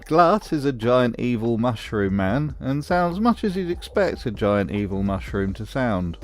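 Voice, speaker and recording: A man's voice: medium pitch, very animated, measured pace. Dry-humored male video narrator. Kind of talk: scripted voice analysis narration.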